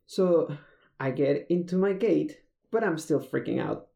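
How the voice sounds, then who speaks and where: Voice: mid-range voice, very animated, moderate pace, vocal fry, warm tone. A speaker from Mexico, casually telling a personal travel story and rambling with many fillers and restarts. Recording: roomy echo.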